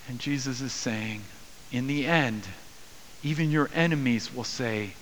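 A man's voice: mid-range voice, measured pace, a bit bright, a little hiss or hum. A man preaching a sermon as pastor, earnest, his voice lifting when he speaks quoted words. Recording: long hall reverb.

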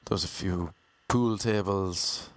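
Irish man telling a rambling funny story. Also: sits low. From Ireland. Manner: rambling, jokey, drops into quick mock voices. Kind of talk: casual comedic storytelling.

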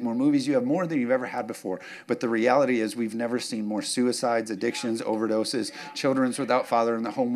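A man, preaching a sermon as pastor, joking and chatty, then rising to fervent urging. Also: medium pitch.

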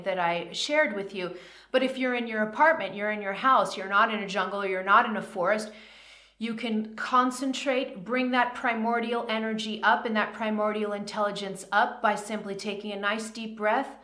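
A woman's voice: a little high, bright, forceful tone, echoey room. A woman giving a conversational spiritual teaching talk, often checking in with the listener.

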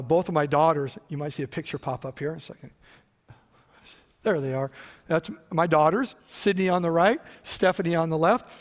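A middle-aged man preaching a sermon, telling stories and switching between loud emphasis and quiet asides. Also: on the high side, creaky. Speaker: pastor. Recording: long hall reverb.

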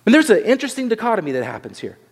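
A man preaching a sermon, animated, acting out the voices of the people in the story. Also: high-pitched, very fast, husky, big-room sound. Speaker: pastor.

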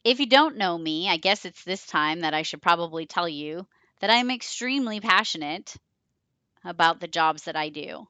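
A woman's voice: on the low side, animated, moderate pace, pushed and bright, dry recording. A woman in her forties hosting a podcast, chatty and enthusiastic as she talks about her work and tells stories. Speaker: podcast host. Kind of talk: podcast intro monologue.

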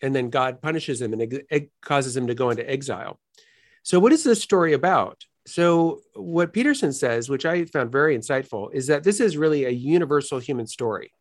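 A man as an interview guest, explaining philosophical ideas in an earnest, lively teaching manner and often checking in with "right?". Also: medium pitch, a little fast.

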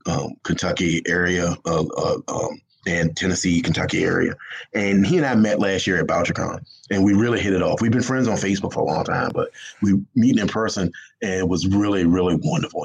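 A man with a Southern US accent and a low, creaky, husky voice is a guest writer on a casual interview, telling a rambling story. He laughs often and restarts his sentences, and the recording quality is low.

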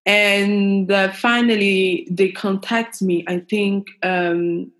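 Lady guest on a podcast, chatty and animated, mid-pitched voice. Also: slow pace. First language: French. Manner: animated, expressive storyteller. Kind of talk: casual storytelling interview.

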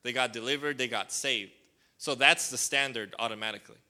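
A man's voice: medium pitch, brisk, sharp tone. Man preaching a casual, filler-heavy sermon. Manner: rambling, full of fillers like "like" and "um"; calls for responses from the congregation. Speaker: pastor.

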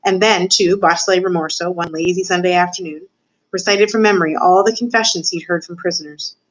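A woman student reading a children's novel aloud, narrating with expressive voices for the characters. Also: on the low side, a little fast, poor audio. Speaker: student reader.

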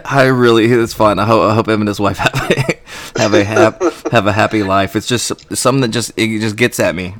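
A man's voice: on the low side, steady tone, brisk, few pauses, fairly bright tone, no echo. A man co-hosting a podcast in casual, profane, rambling chat. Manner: profane, rambling, self-mocking. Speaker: podcast co-host.

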